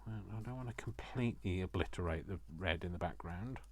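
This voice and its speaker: A man's voice: sits low, brisk. A man chatting to viewers while crafting, joking at his own expense. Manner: self-mocking, jokey asides to viewers. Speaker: craft vlogger.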